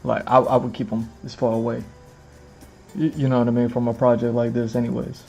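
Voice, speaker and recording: A man's voice: mid-range voice, level tone, fairly quick, creaky, warm tone, soft background music. Rambling man streaming to camera. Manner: rambling, repeats phrases, many fillers. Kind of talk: casual livestream chat. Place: indoors in front of a camera with lights.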